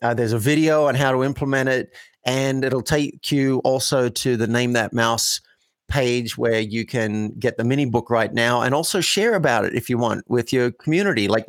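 A man's voice: mid-range voice, normal speed, no room sound. A man who is a coach and a guest, talking reflectively in an interview and acting out example dialogues. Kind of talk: conversational interview.

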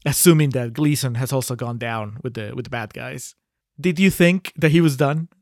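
A man's voice: mid-range voice, moderate pace, a little mellow, no echo, studio quality. A man hosting a casual movie-review podcast, talking in a hesitant way with frequent restarts. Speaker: podcast host.

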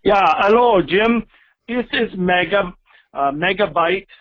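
A man's voice: high-pitched, expressive, no room sound, voice pushed up. A man putting on a bumbling caller, phone line. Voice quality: halting, lots of "uh". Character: rambling folksy male caller with a wobbly accent. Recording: tinny phone-line voicemail.

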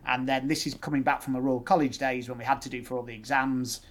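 A man's voice: mid-range voice, fast talker. Yorkshire man explaining dental practice. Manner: explanatory, lists options in steady sequences. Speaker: dentist guest. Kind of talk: conversational podcast interview.

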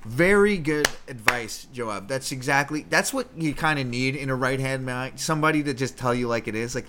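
In a mid-range voice that sounds pushed and bright, this man talks at a normal speed with hardly any pauses, over slight background noise. He's a Canadian comedy podcast host doing casual Bible commentary, swearing heavily, rambling, and repeatedly cutting himself off to restart.

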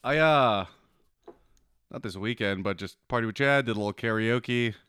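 A young man talking easily with a friend, walking through details at an even pace. His voice has a middle pitch. The sound is dry and close, with no room echo. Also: normal speed, clean tone. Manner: relaxed, explaining things in detail. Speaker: co-host. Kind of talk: casual chat.

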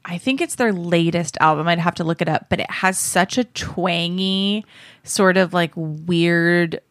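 A woman's voice: on the low side, unhurried, a bit bright, no echo, clean studio sound. A woman co-hosting a podcast, chatting casually and laughing often. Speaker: podcast co-host. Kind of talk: casual chat.

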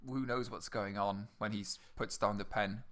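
A man's voice: on the low side, steady tone, normal speed, a bit bright. A man co-hosting a casual podcast chat, speaking wryly with frequent stammered restarts. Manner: dry, wry, stammering restarts. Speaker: podcast co-host. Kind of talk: casual chat about Shakespeare's sonnets.

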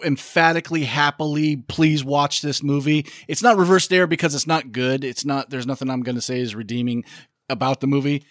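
A man's voice: medium pitch, fairly even intonation, fairly quick, fairly bright tone, dry recording, clean studio sound. A man co-hosting a casual movie review podcast, making wry joking asides. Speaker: podcast co-host.

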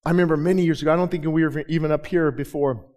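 A male pastor with a fairly high pitch and fairly even intonation preaches in a church with a balcony. His sermon swings between soft, halting storytelling and loud, fervent proclamation full of repeated phrases.

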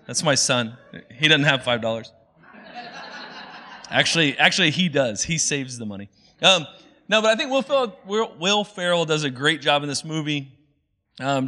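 A man in his thirties gives a loose, conversational sermon, stringing thoughts together with lots of "like" and "um". His voice sits a touch high for a man and rings bright and forceful. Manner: chatty, many fillers, quoting movie lines in playful voices. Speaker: pastor.

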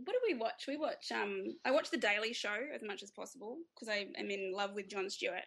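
A woman's voice: mid-range voice, fairly quick, gravelly, a bit bright. An Australian woman, a guest author, chatting casually in an interview, laughing often and restarting her sentences.

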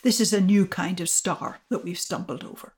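Older woman scientist, measured storytelling, explains things patiently. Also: on the low side, a little mellow. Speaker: astrophysicist guest. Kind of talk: storytelling interview answers.

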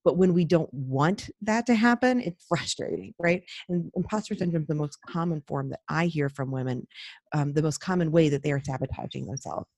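A woman's voice: low voice, a little fast, darkish tone, dry recording. A woman coach talking casually and explaining, often checking in with "right?" and acting out the inner voices she describes.

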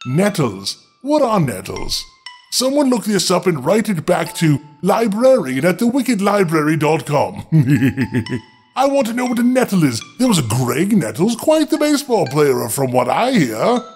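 A man telling a fairy tale with a high, lively voice that rises and falls a great deal. He breaks in with playful, wry asides, and soft music runs under his reading. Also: normal speed. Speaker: storyteller host.

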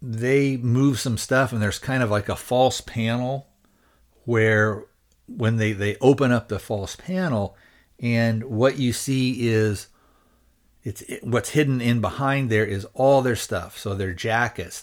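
Speaking a little slowly in a mid-range voice, this podcast host walks through a film's story as part of a review. The recap is rambling and informal, full of hedges and false starts while he gropes for the right words.

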